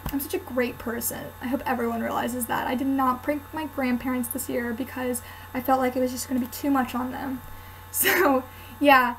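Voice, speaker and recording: A woman's voice: high-pitched, little pitch movement, normal speed, slight background noise, poor audio. A young woman vlogger chatting casually to camera, telling a story with lots of "um" and "like". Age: student.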